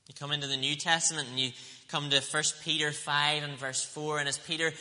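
A man preaching a sermon, earnest and emphatic, slowing down to stress scripture quotes. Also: on the high side, level tone, bright, forceful tone, long reverb tail.

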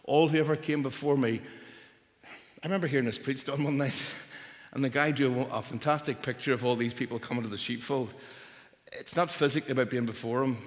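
A male preacher delivering a sermon in a church hall, his mid-pitched voice ringing with long reverb. He talks with strong emphasis, climbing loud on key phrases and sinking quiet at their ends. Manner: emphatic, rises and drops for stress.

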